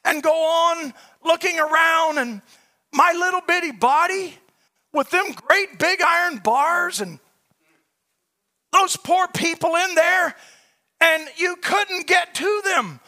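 A man's voice: very high voice, takes it slowly, sharp tone. A man preaching a sermon, impassioned and repeating his phrases as he builds.

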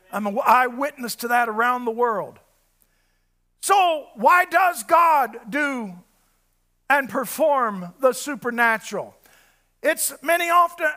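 Fervent high-voiced male preacher. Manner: fervent, often shouting, swings between loud and low. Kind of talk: sermon.

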